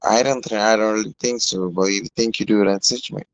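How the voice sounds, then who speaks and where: A man's voice: fairly low pitch, steady tone, brisk, no echo. A man with a West African accent, a scam caller on the phone, evasive and often asking her to repeat herself. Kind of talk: phone call.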